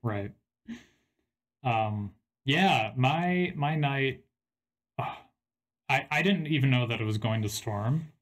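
A man's voice: medium pitch, expressive, slow pace, pauses often. A young man co-hosting a podcast, casually chatting and explaining things plainly. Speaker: podcast co-host. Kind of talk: casual chat.

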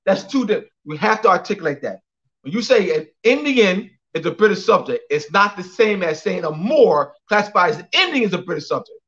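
A man's voice: high-pitched, very animated, a little fast, fairly bright tone, highs cut off. A man giving an emphatic lecture on a call, repeating phrases for clarity and spelling out names letter by letter. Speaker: guest speaker.

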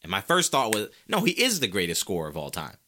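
This is a man hosting a solo sports talk show, his voice bright with a forward edge. His pitch swings widely as he makes his case. He leans on rhetorical questions and casual slang, talking straight to his listeners. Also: fast, slight background noise. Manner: animated, argumentative, asks rhetorical questions.

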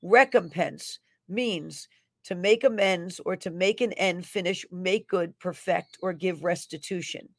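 A woman minister delivering a prophetic word in a declamatory preaching style. Her voice swells on the divine declarations and drops low for her asides, and she reads scripture with an emphatic cadence. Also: measured pace, no room sound.

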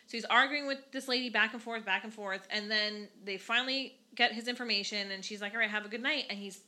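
Bright-voiced, animated storytelling woman. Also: mid-range voice, a little fast. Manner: animated storytelling, swears freely. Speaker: podcast co-host, mother. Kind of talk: casual chat.

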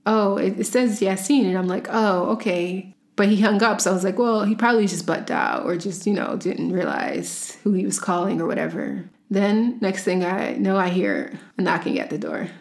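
A woman's voice: mid-range voice, animated, moderate pace, vocal fry, hardly any pauses. A woman from the United States telling a personal story in a casual, chatty way, full of "like" and acted-out dialogue. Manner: chatty, peppered with "like", acts out dialogue.

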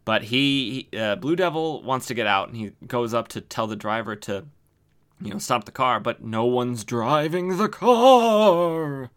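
A man's voice: medium pitch, normal speed, sharp tone. A man hosting a podcast who recaps old comic books casually, rambling with lots of fillers. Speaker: podcast host.

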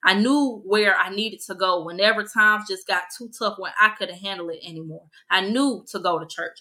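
A young woman talks through her faith on a casual podcast livestream, earnest and conversational, slipping into a sermon-like cadence. Her voice is bright and forward, and her pitch sits at a middle level. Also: poor audio. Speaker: podcast host.

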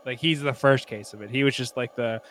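A man's voice: mid-range voice, brisk, a bit bright, a little hiss or hum. A man chatting casually and comically, rambling with lots of "like" and breaking into silly impressions. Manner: rambling, full of "like", bursts into goofy impressions. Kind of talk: casual comedic chat.

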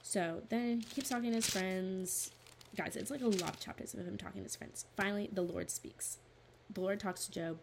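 A woman's voice: medium pitch, steady tone, normal speed, gravelly, a little hiss or hum. A young woman giving a casual, earnest Bible study talk, chatty with lots of "like" fillers, reading scripture aloud between her own thoughts. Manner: reads scripture aloud in a steadier voice. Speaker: devotional Bible speaker.

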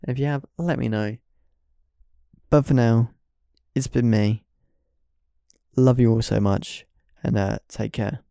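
Young man, solo podcast host, gravelly and rambling, lots of fillers. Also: medium pitch, steady tone, measured pace, long pauses, mellow, no room sound, clean studio sound. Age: young adult.

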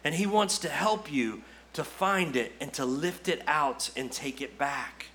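A man's voice: on the high side, unhurried, sharp tone. A man preaching a sermon as pastor, earnest and exhorting, full of repetitions and rhetorical questions. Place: church.

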